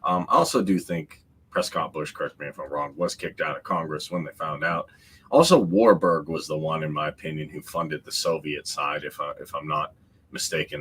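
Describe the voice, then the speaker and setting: A man's voice: low voice, fairly bright tone, husky. A man from the United States co-hosting a casual talk show, giving opinions with many fillers and hedges. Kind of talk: casual chat.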